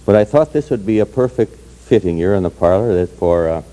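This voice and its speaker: A hoarse man tells jokes in a folksy, chuckling way. His voice is low and very dark. He speaks from a parlor. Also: lively intonation, brisk, hardly any pauses. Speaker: entertainer telling Irish jokes. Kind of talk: storytelling jokes to an audience.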